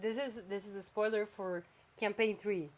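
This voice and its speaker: A woman's voice: mid-range voice, moderate pace. Chatty woman podcast host. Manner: animated, chatty, swings between flat and emphatic. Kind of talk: casual chat.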